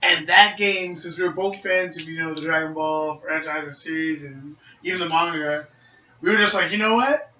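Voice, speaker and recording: A young man co-hosting a casual gaming podcast, telling stories with lots of acted-out voices and shouts. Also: on the high side, normal speed, lo-fi sound, slight background noise. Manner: animated storyteller, acts out voices and shouts. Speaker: podcast co-host. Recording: echoey room, mic at a distance.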